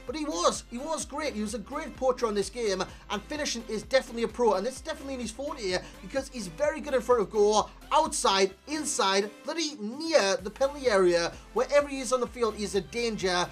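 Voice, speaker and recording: A man giving a chatty, animated video game player review, talking to viewers as lads, recorded as a desk mic voice-over. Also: very high voice, fairly quick, hardly any pauses, soft background music. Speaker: gaming YouTuber.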